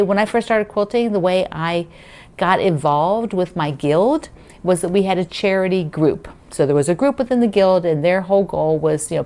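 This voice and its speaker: Hosting a casual quilting video, a woman with a somewhat low voice rambles warmly through her thoughts. Her talk is full of fillers and restarts, and she gushes with enthusiasm.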